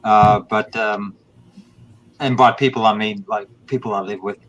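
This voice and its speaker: A man hosting a casual live stream from a shared room at home, halting with many "uh" and "um". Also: on the low side, steady tone, fairly bright tone, dull audio, slight background noise. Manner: halting, full of "uh" and "um". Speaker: show host.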